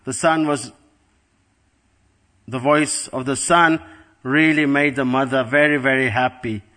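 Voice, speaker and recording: A man's voice: mid-range voice, steady tone, unhurried, bright, forceful tone. A middle-aged man giving a devotional class, telling a story in an earnest way and repeating words for emphasis. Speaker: spiritual teacher.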